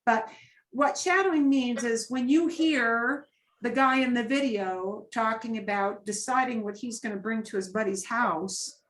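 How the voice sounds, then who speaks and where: A woman's voice: fairly high pitch, unhurried, fairly bright tone, low-quality recording. A middle-aged woman teaching a Spanish class, talking casually and checking in with her students in Spanish. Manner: chatty, sprinkles Spanish checks like vale and bien.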